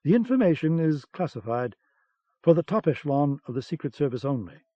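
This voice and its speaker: A man reading an audiobook, voicing a measured, superior young British intelligence captain in a dull old recording. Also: a little high, sing-song, mellow, no echo. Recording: dull cassette-era audiobook sound.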